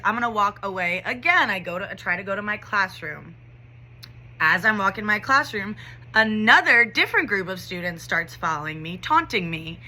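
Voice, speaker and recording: A woman's voice: medium pitch, animated, normal speed, bright, forceful tone. A young adult woman teacher telling a story in a casual vlog, talking conversationally with lots of "like" and "you know".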